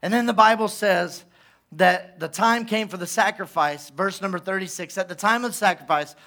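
A man preaching a sermon as pastor, retelling a story with lively asides and acted-out quotes. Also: sits high, normal speed, gravelly.

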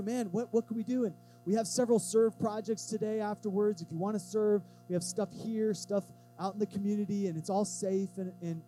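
A man preaching a sermon as pastor of a church, talking to the congregation in a relaxed, emphatic way and acting out quotes in lively voices. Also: sits high, poor audio.

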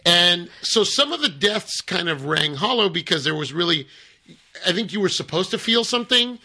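A man's voice: high voice, very animated, normal speed, bright, forceful tone. A man in casual podcast chat, enthusiastic and rambling, cracking jokes as he talks.

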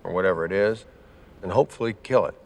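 An actor playing a vengeful middle-aged ocean explorer, flat and matter-of-fact, in a film clip. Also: male voice, sits low, quick pace, vocal fry. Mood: grim. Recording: film clip with a long hall reverb.

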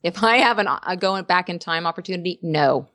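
A woman actress in casual interview chat, an animated storyteller who laughs often. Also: fairly low pitch, a little fast, no echo. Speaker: actress and voice performer.

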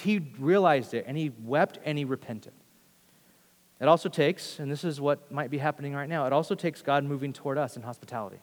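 A male pastor delivers a sermon in a somewhat high voice. He is earnest and moves between quiet, intimate passages and forceful emphasis. His voice rings with long reverb, as if he were preaching in a large hall. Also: fairly quick.

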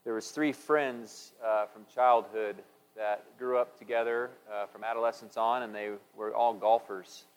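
A man's voice: lowish voice, steady tone, measured pace, clear, resonant tone. A man giving a sermon, telling jokes and stories in a folksy way with fillers and restarts. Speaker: preacher. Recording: long reverb of a large hall.

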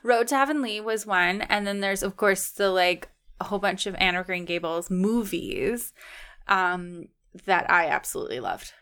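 Smooth-voiced upbeat Canadian podcast host. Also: female voice, mid-range voice, expressive, moderate pace, fairly bright tone. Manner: upbeat, agreeable, giggly. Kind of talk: casual podcast chat.

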